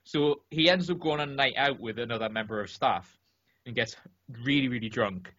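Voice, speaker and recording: A man in casual podcast chat, telling a long story in an animated, rambling way with many restarts and fillers. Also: medium pitch, moderate pace. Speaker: podcast co-host or guest. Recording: dull lo-fi podcast audio.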